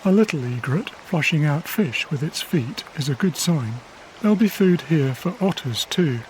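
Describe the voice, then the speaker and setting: A man, a wildlife cameraman from England, narrating his diary in a quiet, measured, reflective documentary voice. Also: fairly high pitch, lively intonation, a little hiss or hum. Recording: faint river ambience behind.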